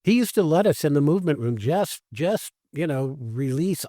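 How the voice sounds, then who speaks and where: A man's voice: fairly high pitch, moderate pace, no room sound, studio quality. A man co-hosting a podcast, telling stories in casual conversation and acting out the lines he quotes. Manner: animated storyteller who acts out quoted lines. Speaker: podcast co-host, acting teacher.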